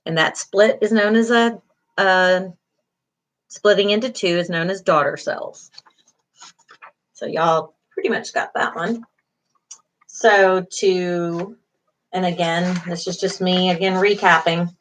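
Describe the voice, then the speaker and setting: A woman's voice: fairly low pitch, fairly even intonation, slow, long pauses. A middle-aged woman, a beauty school instructor giving an online class lecture, encouraging, with many fillers, repeating key terms.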